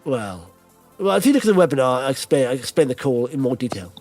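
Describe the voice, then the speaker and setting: A man's voice: medium pitch, big pitch swings, fast, darkish tone, faint music behind. A man hosting a podcast, chatting in a rambling, jokey way with plenty of fillers. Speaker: podcast host. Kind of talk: casual chat.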